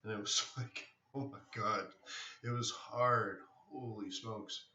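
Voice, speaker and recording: A man chats loosely with his viewers and often restarts his sentences. His voice sits a little low but comes across bright and forceful. The sound is dull and distant, as if the mic is across an echoing room. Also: steady tone, slow pace. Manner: rambling, answers chat questions, many restarts. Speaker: live trading stream host. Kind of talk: casual live-stream chat.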